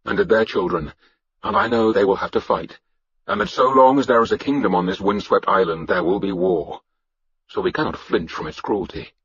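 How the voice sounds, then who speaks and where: A man with a husky voice narrating a historical novel in the first person, in a measured, grave storytelling manner. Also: lowish voice. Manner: measured, grave storytelling with shouted battle cries. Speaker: audiobook narrator. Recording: dull lo-fi audiobook recording.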